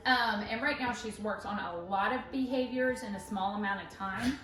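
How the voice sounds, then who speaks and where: A woman's voice: moderate pace, fairly bright tone. A woman dog trainer explaining and demonstrating in a chatty, upbeat way. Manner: chatty, upbeat, switches to high praise voice with the dog. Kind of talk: instructional dog training demo. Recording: roomy echo, voice from a distance, faint music.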